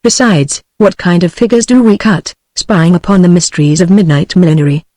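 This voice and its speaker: A synthetic woman's voice with a British accent, reading the lines of a kindly, brisk old male priest in a text-to-speech audiobook. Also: lowish voice, mellow, no room sound, natural voice. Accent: British English.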